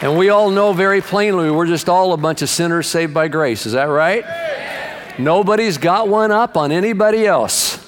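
A man's voice: sits high, normal speed, crowd noise, noisy background. A pastor, a man, preaching a sermon to his congregation in a folksy, joke-telling, emphatic way. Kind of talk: sermon with jokes. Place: large church sanctuary. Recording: long hall reverb.

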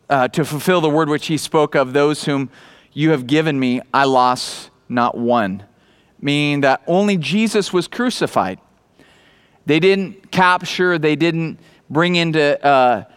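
Animated high-voiced male pastor preaching. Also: clean tone. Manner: animated, acts out the people in the story. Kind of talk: sermon.

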